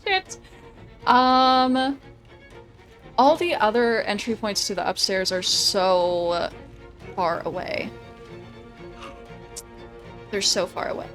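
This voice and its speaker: A young woman streaming a video game, thinking out loud about tactics, laughing often and swearing casually. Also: medium pitch, takes it slowly, pauses often, faint music behind. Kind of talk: casual gameplay commentary.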